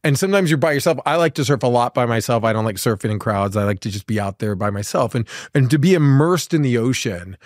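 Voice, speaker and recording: A man from California hosts a podcast in a loose, easygoing chat. He wanders through his thoughts with plenty of fillers and restarts, at a middling pitch. The sound is dry and close, with no room in it. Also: quick pace, hardly any pauses, no room sound. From California, USA. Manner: relaxed, rambling, many fillers and restarts. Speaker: podcast host. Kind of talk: casual chat.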